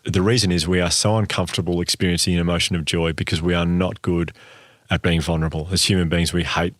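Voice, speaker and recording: An Australian man talks earnestly in long, rapid stretches, explaining an idea to his co-host. His voice sits very low. The sound is close and dry, with no room in it. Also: level tone, dry recording. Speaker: podcast co-host, speaker on gratitude. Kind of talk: casual podcast chat.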